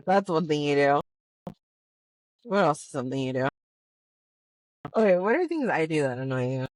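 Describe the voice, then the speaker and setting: A woman teases her husband in loose, laughing chat. Her voice sits low, and the sound is dry and close. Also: sing-song, moderate pace, a little mellow, no echo. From Latina. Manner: playful teasing, laughing. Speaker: host's wife, co-host. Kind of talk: casual banter. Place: car while driving.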